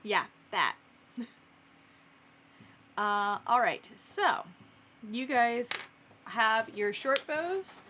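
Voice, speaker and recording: Slow-talking woman game master. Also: on the high side, big pitch swings, sharp tone, a little hiss or hum. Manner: unhurried, giggly narration. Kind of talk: narrating a tabletop game.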